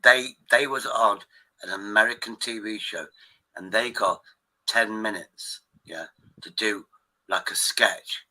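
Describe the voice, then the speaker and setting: A man hosts a live stream in loose, rambling chat. His voice is very bright and sits a little low, and he swears freely and trips over his own restarts. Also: slow, low-quality recording. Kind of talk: rambling casual chat with viewers.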